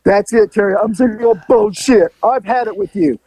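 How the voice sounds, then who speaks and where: A man putting on the voice of a loud, angry woman with a shotgun who yells insults across a street. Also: moderate pace, natural voice. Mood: furious. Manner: shrill, yelling insults.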